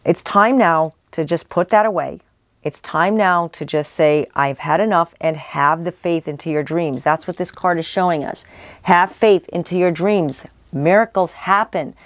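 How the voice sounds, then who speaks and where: Casting note: woman psychic, low-ish voice, rambling delivery, voice a bit worn, dry room. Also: unhurried, no room sound. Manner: rambling, many restarts and fillers. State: losing her voice. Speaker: psychic tarot reader. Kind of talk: casual spoken tarot reading.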